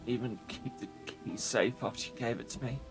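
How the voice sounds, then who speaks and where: A man voicing a dying, shivering male warrior who prays quietly and brokenly. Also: medium pitch, a little fast, music in the background, voice pushed up, lightly acted. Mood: grieving.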